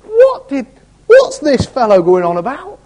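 A male preacher voicing indignant religious teachers with squeaky, outraged muttering. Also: huge pitch swings, unhurried, darkish tone, full character voice.

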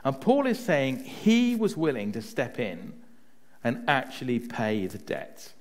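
Lively, chatty male preacher. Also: mid-range voice, unhurried. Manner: chatty, often adds "right?" to check in with listeners; tells personal stories to make a point. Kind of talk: conversational sermon.

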